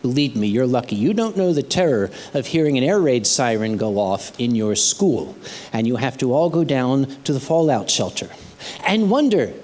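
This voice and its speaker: An older man, telling a comic story live to an audience, animated and expressive, with dry sarcastic asides. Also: mid-range voice, moderate pace, in a large hall. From United States. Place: convention hall stage.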